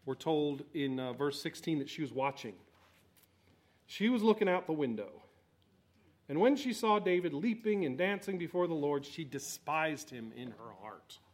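Emphatic male preacher with a higher voice. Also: lively intonation, moderate pace. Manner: emphatic, swings between loud exhortation and quiet asides. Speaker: pastor. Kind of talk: sermon.

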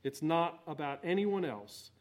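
Exuberant biblical king, defiant and joyful, higher pitched than usual, read by a male preacher. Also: fairly even intonation, brisk, close to an everyday voice.

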